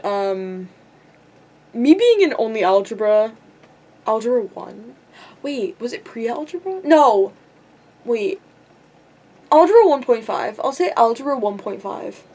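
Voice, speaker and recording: A woman's voice: fairly high pitch, animated, slow, creaky, pauses often, a little mellow. A teenage girl in a rambling vlog rant, frustrated and self-deprecating, swearing often and filling her talk with "like". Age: teens. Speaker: vlogger. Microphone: camera.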